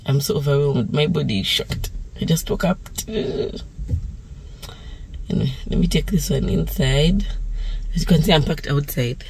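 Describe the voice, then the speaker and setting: A young woman from Uganda talking casually to her phone camera in a vlog, chatty and often sliding into soft half-whispered asides. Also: deep voice, expressive, normal speed, slight background noise, low-quality recording. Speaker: vlogger.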